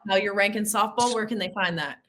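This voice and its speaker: Bright-voiced woman, playful host. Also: mid-range voice, a little fast. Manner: playful, self-teasing, chatty. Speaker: show host. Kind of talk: casual interview chat.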